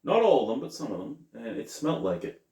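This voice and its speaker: A man's voice: medium pitch, sing-song, fast talker, warm tone. A man casually reviewing a beer on camera, chatty and thinking aloud, correcting himself as he goes. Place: at home. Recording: roomy, mic at a distance.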